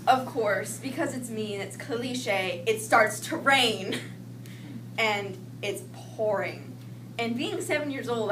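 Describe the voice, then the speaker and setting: A young woman telling a personal childhood story in a lively way, acting out the voices she quotes. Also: mid-range voice. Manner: animated, acts out quoted voices. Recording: echoey room with noise, mic at a distance.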